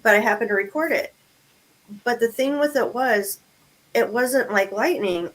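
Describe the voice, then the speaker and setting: Chatty woman telling a story excitedly. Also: a little high, normal speed, rough recording. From Southern California. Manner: excited storytelling, chiming in with agreements. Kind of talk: casual radio chat.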